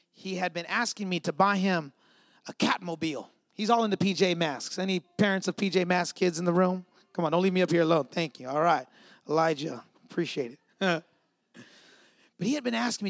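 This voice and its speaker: High-voiced pastor preaching, dry sound. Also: male voice, dry recording. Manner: lively, conversational preaching with asides to the congregation. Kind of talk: sermon. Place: church.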